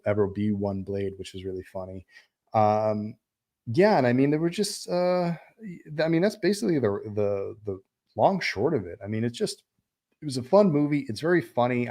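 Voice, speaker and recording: Reviewing a film on a casual livestream, a male host talks in a medium-pitched, slightly mellow voice. His chat meanders, full of filler words and restarts.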